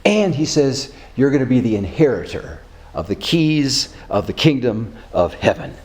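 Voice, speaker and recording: A male pastor preaching a sermon, telling a story with chuckles and animated character voices. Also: mid-range voice, normal speed.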